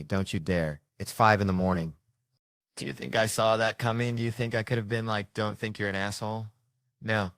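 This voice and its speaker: A man's voice: on the low side, dry recording, clean studio sound. A middle-aged man telling crude parenting stories in a stand-up routine, acting out his kids' lines. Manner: brash, profane storytelling with acted-out quotes. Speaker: stand-up comedian.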